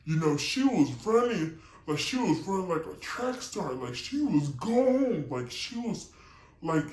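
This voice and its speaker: A calm young man, as a woman storyteller puts him on, drawls slow, soothing reassurances. His words stretch out at an unhurried pace. The voice rings with a roomy echo. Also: lowish voice, voice pushed down. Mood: amazed.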